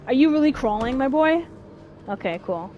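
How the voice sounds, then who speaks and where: High, animated woman cursing through a horror game. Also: moderate pace, a little hiss or hum. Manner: profane, jumpy, yelling when scared. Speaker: gaming streamer. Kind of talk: let's play commentary. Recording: faint game music behind.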